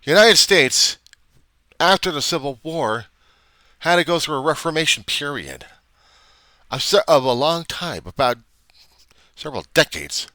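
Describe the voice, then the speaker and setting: A man's voice: on the high side, lively intonation, unhurried, long pauses, pushed and bright, no room sound. An older man, a reverend, ranting in a rambling, indignant way and swearing often. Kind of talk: casual rant on camera.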